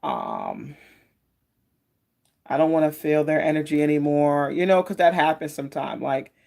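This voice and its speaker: A woman's voice: low-pitched, very animated, normal speed, vocal fry, darkish tone. Woman, tarot live-streamer, rambling and friendly-casual delivery. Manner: chatty and meandering, greets viewers by name. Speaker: tarot card reader hosting a live stream.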